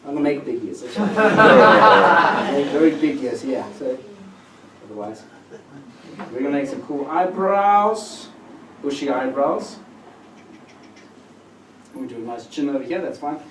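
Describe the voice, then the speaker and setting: A high-voiced man works a theatre crowd as a comedy magician, playful and teasing, his pitch bouncing all over. He sounds far from the mic, and the hall echoes around him. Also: expressive, slow, long pauses, fairly bright tone, a little hiss or hum. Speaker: magician performing on stage. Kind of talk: comedy magic act with audience banter. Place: theatre stage before an audience. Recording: roomy echo from far off.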